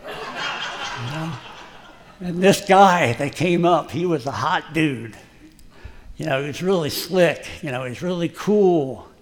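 A man's voice: a little high, slow, pauses often. A man preaching a folksy, emphatic sermon, joking at his own expense as a plain working guy. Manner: folksy, self-deprecating, emphatic. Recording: long hall reverb.

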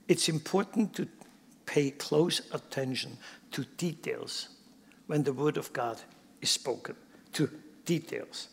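A man's voice: on the high side, normal speed, gravelly, husky. A pastor preaching a sermon in an emphatic way, often putting rhetorical questions to his congregation. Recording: long hall reverb.

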